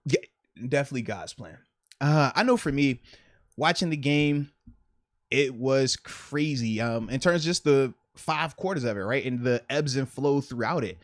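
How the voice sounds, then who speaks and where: A man co-hosting a casual sports podcast, playful and animated, laughing often as he talks. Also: medium pitch, normal speed, no room sound, studio quality. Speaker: podcast co-host.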